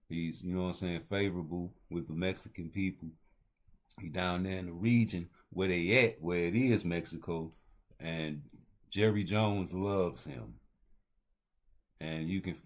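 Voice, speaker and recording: Deep-voiced man rambling about boxing. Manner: loose, rambling street talk with heavy slang. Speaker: host. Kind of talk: casual boxing commentary.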